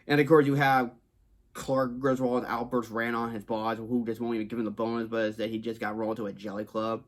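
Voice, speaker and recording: This film reviewer from Texas speaks at a brisk clip in a flat, medium-pitched voice. Addressing the camera, he gives a casual movie review that wanders, circles back on itself, and keeps restarting with familiar stock phrases.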